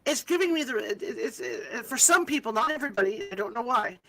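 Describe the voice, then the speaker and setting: A woman's voice: fairly high pitch, animated, fast, creaky, a bit bright, soft background music, rough recording. A woman hosting a livestream, casually explaining a technical problem step by step. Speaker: host of the livestream.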